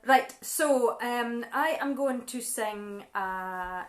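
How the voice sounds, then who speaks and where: A woman's voice: fairly high pitch, extremely slow. A Scottish woman chatting casually at home between songs, reading out viewers' messages and apologising now and then. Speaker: singer and live stream co-host. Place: living room at home. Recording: echoey room.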